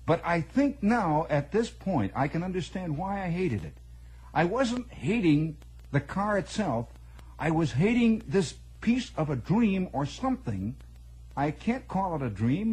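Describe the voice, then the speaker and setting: Husky, slightly high-voiced man, animated storyteller, chatty monologue with emphatic repeats. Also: low-quality recording.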